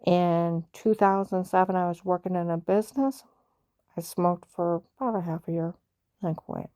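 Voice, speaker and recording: A woman's voice: fairly low pitch, dark tone, no room sound, clean studio sound. A woman on a personal vlog, ranting in an agitated, emphatic way, repeating herself and rambling from point to point. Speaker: vlogger.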